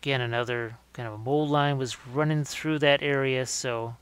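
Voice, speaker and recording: A man giving a live-streamed miniature painting demonstration, relaxed and thinking aloud as he works, often correcting himself mid-sentence. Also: medium pitch, moderate pace, smooth.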